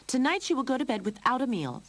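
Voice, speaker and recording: A woman's voice: high voice, very animated, fast, pitched above the performer's own voice. A woman putting on a strict mother cat. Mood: stern. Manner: stern.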